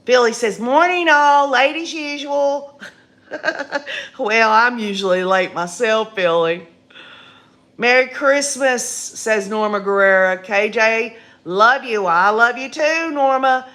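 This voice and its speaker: An older woman with a raspy voice, hosting a casual live stream in a folksy, chatty way and reading viewer comments aloud. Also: a little high, a bit bright. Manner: slow, folksy and chatty, laughing often.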